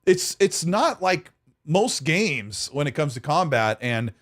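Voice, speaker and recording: A man's voice: a little high, big pitch swings, slow pace. A man co-hosting a gaming podcast in casual chat, rambling and detailed. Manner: rambling, detailed, full of fillers like "you know". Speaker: podcast co-host.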